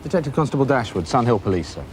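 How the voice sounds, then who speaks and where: A man's voice: mid-range voice, big pitch swings, very fast, heavy background noise, natural voice. An actor playing a male detective constable who asks courteous, formal, probing questions.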